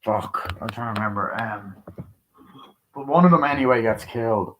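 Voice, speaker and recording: A man's voice: fairly low pitch, fairly bright tone, a little hiss or hum, rough recording. Rambling, foul-mouthed man reviewing a movie. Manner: rambling, profane, acts out scenes in quick quoted voices. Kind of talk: casual spoken movie review.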